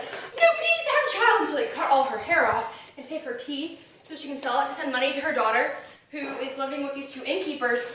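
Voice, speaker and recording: A woman with a high voice gives an animated, casual recap and jumps into little character voices. She is recorded on a phone from some distance. The room is very echoey with a faint hiss. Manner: animated, acts out the characters' lines.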